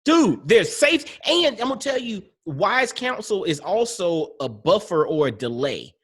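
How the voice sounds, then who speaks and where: High-pitched man, host, animated, lively intonation, affirming conversational style. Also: a little slow, husky. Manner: lively, affirming, many fillers and exclamations. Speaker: podcast host. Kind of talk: conversational interview.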